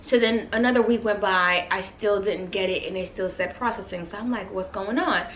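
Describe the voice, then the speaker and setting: A lifestyle vlogger chats casually with her viewers in a home vlog, gushing, talkative and calling them "you guys." Her medium-pitched voice is fairly bright, at a normal speed. The camera sits on the bedroom floor at eye level in an echoey room with a faint hum.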